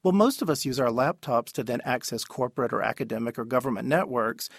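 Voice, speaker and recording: A man answering questions as an expert guest in a radio interview, explaining at a measured pace with the odd filler. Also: medium pitch, vocal fry, dry recording, studio quality.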